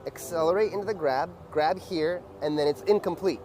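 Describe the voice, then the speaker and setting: A man teaching a dance lesson in a loose, casual way, with many fillers and beat sounds like "boom.". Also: brisk, a little mellow, soft background music.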